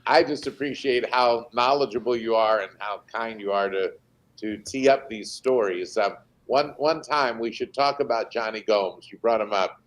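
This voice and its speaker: A man, a team president, telling animated anecdotes as an interview guest, pausing often with fillers over a remote call. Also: lowish voice. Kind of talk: interview storytelling.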